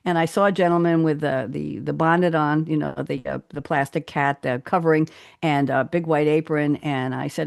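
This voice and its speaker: A chatty woman with a New York accent hosts a talk show and tells stories with easy laughter. Her voice sits fairly low. The sound is close and dry. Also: steady tone, a little fast, creaky, a little mellow, no echo. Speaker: host. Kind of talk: casual chat.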